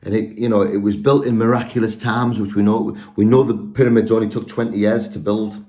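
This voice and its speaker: A man with a low, mellow voice talking straight to his viewers in a loose, rambling monologue. He restarts his sentences often, and his tone stays earnest throughout. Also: little pitch movement, fairly quick. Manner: rambling, self-correcting, earnest. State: out of breath. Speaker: spiritual video speaker.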